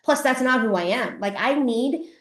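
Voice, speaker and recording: In a live masterclass recorded in an echoey space, a Canadian coach and podcast host in middle age shares a story from her life. Her voice is a little high with lively intonation at normal speed, and she is frank, sweary, and plays out who she used to be.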